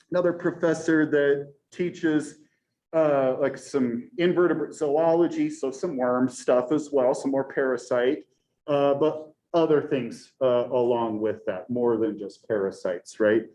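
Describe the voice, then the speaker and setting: A man in his forties, a college professor, telling a story to his class in a chatty, animated way and tagging nearly every sentence with a rhetorical question. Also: a little high, measured pace, slight background noise. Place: lecture classroom. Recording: echoey classroom recording.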